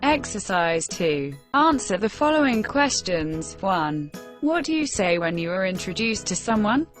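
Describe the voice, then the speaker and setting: Slow, careful woman reading a lesson. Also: medium pitch, sing-song, soft background music. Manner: measured, careful dictation pace. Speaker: English lesson reader. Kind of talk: slow textbook reading for learners.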